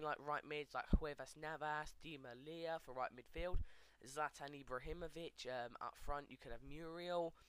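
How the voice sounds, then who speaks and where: A man hosting a gaming video, giving casual, chatty commentary over match highlights and talking straight to his viewers. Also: a bit bright, smooth. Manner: chatty, addresses viewers as guys, frequent fillers.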